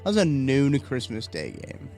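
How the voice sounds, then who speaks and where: A man's voice: mid-range voice, wildly swooping pitch, moderate pace, a little mellow, soft background music. A man hosting a live stream, chatting casually and rambling through viewer comments. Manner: rambling, chatty, reacts to chat, yawning. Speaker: livestream host.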